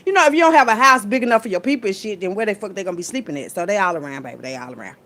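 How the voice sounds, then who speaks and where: A woman's voice: mid-range voice, rapid-fire, slight background noise. A woman, preaching casually and profanely into her phone in a spiritual vlog. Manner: animated, preachy, profane, Southern US slang.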